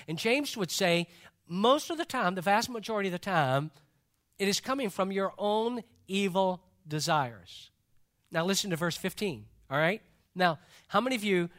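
A man's voice: high-pitched, a bit bright. A male pastor preaching a sermon in a church service, talking conversationally and joking with the congregation.

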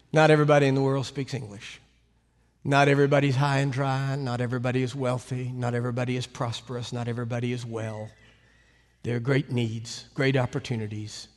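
An American man preaching, telling a story with animated, sudden loud swings and emphatic delivery. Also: mid-range voice. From United States. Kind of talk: sermon storytelling. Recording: echoey hall reverb.

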